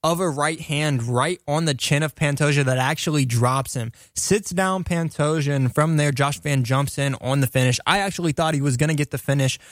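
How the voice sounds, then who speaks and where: A man's voice: a little high, normal speed, few pauses, no room sound, clean studio sound. A young man giving a casual, enthusiastic fight recap as a commentator, rambling with many fillers and restarts. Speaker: combat sports commentator.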